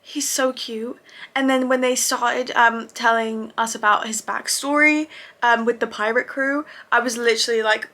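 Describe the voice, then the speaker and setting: Woman, casual vlog review, gushing, excitable, swears, crisp bright tone. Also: fairly high pitch, moderate pace. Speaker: YouTuber reviewing anime.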